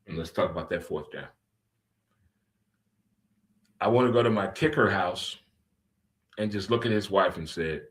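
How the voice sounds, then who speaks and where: A man hosting a casual talk radio show, joking and animated, swinging between loud outbursts and low muttering. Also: brisk. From St. Louis.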